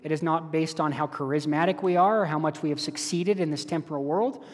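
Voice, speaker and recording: Male pastor, sermon, earnest and conversational, slightly high voice, long church reverb. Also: brisk. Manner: earnest, conversational with direct questions to listeners. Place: church hall. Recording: echoey hall.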